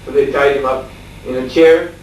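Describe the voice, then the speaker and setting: A monk teaching scripture in a farmstead lecture room spins out a long, easygoing anecdote, chuckling a lot and hesitating with fillers. His male voice is average in pitch and moderately paced. The mic sits far off, so the sound is very reverberant with a faint hiss underneath.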